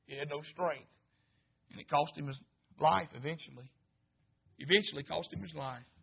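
A man preaching a sermon, swinging between fervent shouts and low murmurs. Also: normal speed, vocal fry, slightly rough. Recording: tinny, phone-like sound.

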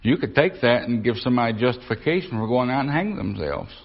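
A man's voice: medium pitch, lively intonation, fast, creaky. A man preaching a conversational Bible lesson, folksy, repeating himself and asking the room questions. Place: church or Bible class. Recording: dull lo-fi recording.

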